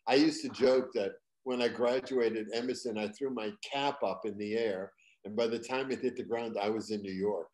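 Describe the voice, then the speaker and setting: An older man from Boston with a trained neutral American accent, a guest comedian telling stories in an interview and slipping into loud put-on local voices for punchlines. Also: lowish voice, fairly even intonation, normal speed, hardly any pauses. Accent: General American, trained out of Boston. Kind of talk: interview storytelling.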